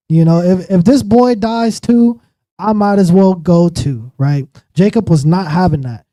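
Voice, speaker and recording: A man teaching a Bible study in a casual, animated way, acting out the biblical figures in everyday slang. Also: high voice, unhurried, no room sound, low-quality recording. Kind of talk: sermon-style Bible teaching.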